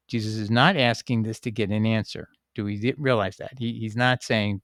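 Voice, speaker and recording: A man's voice: lowish voice, normal speed, hardly any pauses, no room sound. Man explaining scripture in a dry room. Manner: thinking aloud with fillers and restarts, reading passages aloud. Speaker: Bible teaching channel host. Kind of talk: casual spoken Bible commentary.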